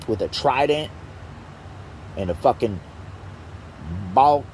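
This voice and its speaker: Brief: man in a one-person rant, mid-pitched voice, heavy swearing, halting delivery, faint noise behind. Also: expressive, darkish tone. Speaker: vlogger. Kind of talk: angry profane rant.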